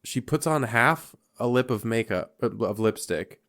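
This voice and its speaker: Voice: mid-range voice, normal speed. A podcast co-host casually recapping a horror film, swearing often and acting out the characters' lines. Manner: lively, profane, acts out characters' lines. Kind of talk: casual movie recap chat.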